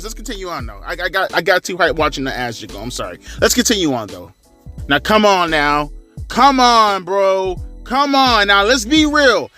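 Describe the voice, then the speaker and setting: In a high voice at normal speed, a wrestling commentary vlogger in his thirties rants casually, crude, slangy and profane, with lots of animation. Music can be faintly heard behind him.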